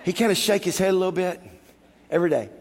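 A man preaching a sermon, telling a personal story and building to loud, animated exhortation. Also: sits high, quick pace, slight background noise. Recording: long hall reverb.

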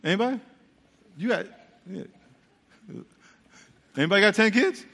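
A pastor preaching a sermon. He tells the story dramatically and acts out the voices, then drops to a low, earnest hush. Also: expressive, moderate pace, vocal fry. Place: large church sanctuary. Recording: church hall with long reverb.

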